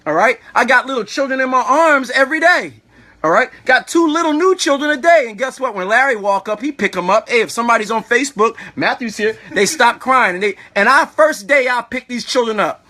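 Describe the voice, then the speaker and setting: Very high-voiced man preaching passionately. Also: expressive, fairly quick. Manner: preachy, repetitive rhetorical "all right?"; emotional, sometimes shouting. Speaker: community activist and children's school organizer. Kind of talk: impassioned live-stream speech.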